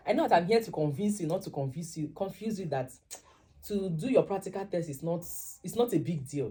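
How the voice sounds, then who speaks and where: Nigerian woman with a low, mellow voice. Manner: animated, acts out dialogue in quoted voices. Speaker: vlogger. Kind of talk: casual storytelling to camera.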